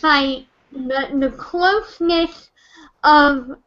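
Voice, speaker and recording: A woman's voice: sits high, very slow, a bit bright, highs cut off. A young woman, drunk and close to tears, ranting in an online chat room, stammering, repeating herself and swearing. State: tearful, on the edge of crying. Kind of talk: emotional rant.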